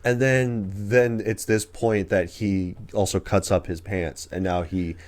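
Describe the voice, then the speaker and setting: A man's voice: lowish voice, steady tone, unhurried, a little mellow. A man co-hosting a casual movie review podcast, recapping the plot in a rambling way with lots of filler words. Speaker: podcast co-host.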